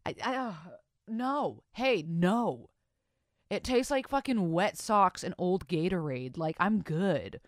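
A podcast host, a woman with a slightly low voice, talks casually and swears freely. She reads out listener stories and breaks off into exaggerated, disgusted reactions. The sound is dry and close. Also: moderate pace, no room sound. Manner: crude, profane, swings into mock-disgusted reactions.

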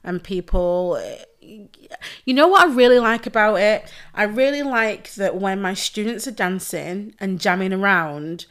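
A woman, a pole dance instructor, talking on a podcast in a heartfelt, effusive way and swearing freely. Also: mid-range voice. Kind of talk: casual podcast chat.

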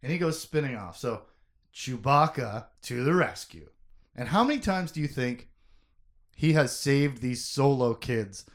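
A man's voice: medium pitch, expressive, a little slow. A man recapping a story casually, then reading a long passage aloud with dramatic emphasis. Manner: reads aloud with dramatic emphasis, shouting quoted lines.

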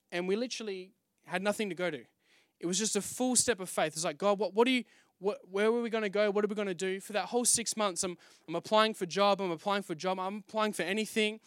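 A man's voice: sits high, fairly bright tone, no echo, studio quality. A young man preaching a conversational testimony sermon, telling his story with restarts and acting out his own past exclamations. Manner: frequent restarts and fillers, conversational. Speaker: pastor.

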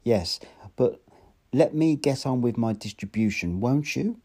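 A man's voice: medium pitch, lively intonation, a little slow, dark tone, slightly rough. A man voicing a nervous, fussy male clerk who pleads in a raised, strained voice. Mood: wheedling.

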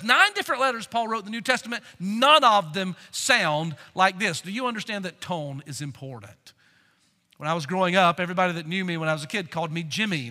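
Bright, animated male preacher in hall. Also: high-pitched. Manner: emphatic, animated preaching that swings from loud to quiet. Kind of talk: expository sermon with scripture reading. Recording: long hall reverb.

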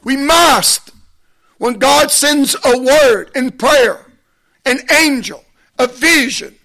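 A man preaching a sermon in a measured, emphatic way, pausing deliberately and building into impassioned exhortation. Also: very high-pitched, pushed and bright.

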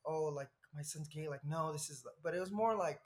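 A man in his thirties from Southern California, a podcast guest telling a personal story in a lively, rambling way with frequent laughs. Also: fairly high pitch, a little fast. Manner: animated, laughs often, rambling asides.

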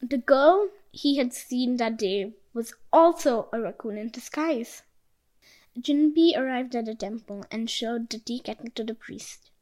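High-voiced woman telling a folk tale. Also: a little slow, rough recording. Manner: expressive, animated reading. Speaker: storyteller. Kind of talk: storybook narration.

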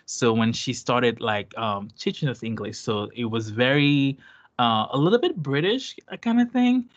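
In a muffled recording, a man from Haiti with a light Haitian Creole accent chats casually as an interview guest, speaking animatedly at medium pitch and moderate pace. His delivery is hesitant, with many fillers and false starts.

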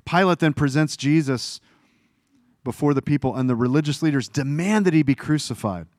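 A man's voice: a little high, fairly quick, darkish tone, dry recording, clean studio sound. A man preaching a sermon, reading scripture aloud and explaining it earnestly, his voice rising and dropping for emphasis. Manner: earnest, explanatory preaching with small self-corrections. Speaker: pastor.

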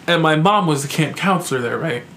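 High-voiced, profane podcast host in a roomy echo. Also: male voice, fairly quick, a little hiss or hum. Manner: profane, animated and exasperated. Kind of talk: casual storytelling. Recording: echoey room.

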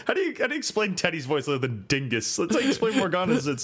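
A man's voice: high voice, very animated, rapid-fire, a bit bright, breathy edge. A man from the United States in casual chat, bantering with wry jokes.

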